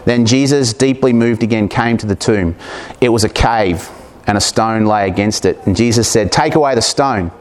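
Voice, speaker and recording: A man's voice: fairly low pitch, fairly even intonation, normal speed. Conversational male preacher reading scripture. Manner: conversational and humorous, breaking into readings with asides. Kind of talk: sermon reading and explaining scripture.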